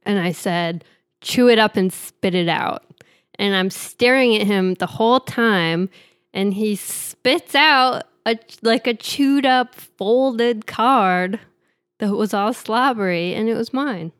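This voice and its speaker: A woman co-hosting a casual podcast who tells lively, playful stories. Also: medium pitch, takes it slowly, clear, resonant tone, dry recording, studio quality. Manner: animated storyteller, playful. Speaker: podcast co-host. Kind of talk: casual chat and storytelling.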